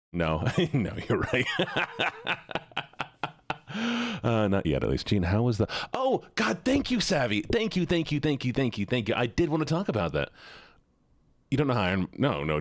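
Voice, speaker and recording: Lively joking male streamer, dry sound. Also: sits low, no echo. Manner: joking, rambling, self-mocking. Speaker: VTuber streamer. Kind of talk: casual live-stream chat with viewers.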